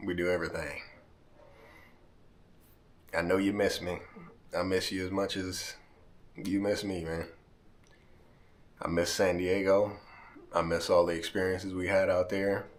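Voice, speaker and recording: A man's voice: sits low, level tone, measured pace, pauses often. A man vlogging straight to camera, talking heartfelt and emotional to his friends, near tears and often tagging lines with "man". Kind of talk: emotional direct-to-camera vlog.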